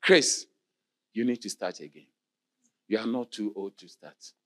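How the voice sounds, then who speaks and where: A man preaching a passionate sermon, moving between quiet talk and shouted exclamations. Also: lowish voice, a little slow.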